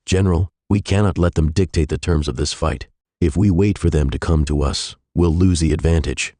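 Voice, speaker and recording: Guy narrating a fed-up general pushing to attack, low urgent tone, super deep voice. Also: normal speed, mellow, no echo, clean studio sound. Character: urgent frustrated male American general.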